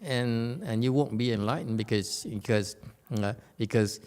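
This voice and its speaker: A man's voice: medium pitch, measured pace, darkish tone. A man giving an informal Dharma lecture in a temple hall, playful and teasing, laughing often and checking in with "okay?".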